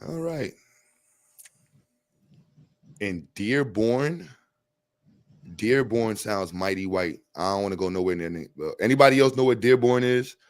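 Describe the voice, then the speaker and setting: A man's voice: on the low side, lively intonation, a little slow, pauses often, no room sound. A man hosting a casual livestream chat, talking bluntly and rambling with jokes. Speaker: host.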